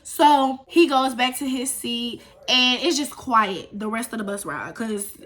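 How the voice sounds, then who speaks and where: A young adult woman telling a story casually in a vlog, with animated, profane, emphatic delivery. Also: on the high side, a little slow. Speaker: storytime vlogger.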